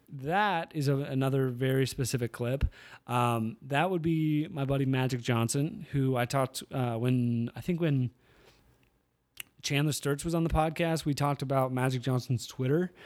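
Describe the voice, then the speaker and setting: Chatting casually on his solo podcast, this man tells rambling stories and keeps correcting himself. His voice is mid-range with a darkish tone.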